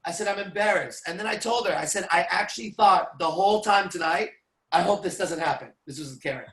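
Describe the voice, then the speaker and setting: A man telling profane, animated stories to a small audience as a seminar speaker. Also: high voice, brisk, roomy sound. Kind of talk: storytelling to a live audience.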